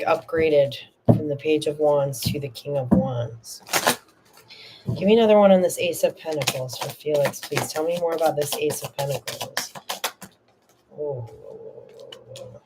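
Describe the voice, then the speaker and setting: A woman's voice: deep voice, unhurried, long pauses, heavy background noise. A woman hosting a live tarot reading stream, speaking earnestly and spiritually to viewers by name, with fillers and restarts, sometimes getting emotional. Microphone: streaming to viewers live, no moderator.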